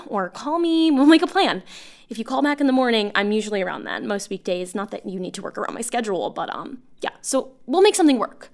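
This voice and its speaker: An actress playing a lonely woman bartender who leaves long, halting voicemails for an old school friend, rambling and self-conscious. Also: on the high side. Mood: eager. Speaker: voice actor. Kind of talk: audio drama monologue.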